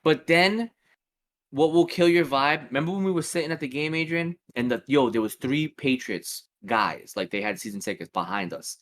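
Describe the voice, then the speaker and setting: A man's voice: mid-range voice, normal speed. A man, co-hosting a casual podcast chat and telling stories animatedly with plenty of swearing. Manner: animated storytelling, swears freely. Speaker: podcast co-host.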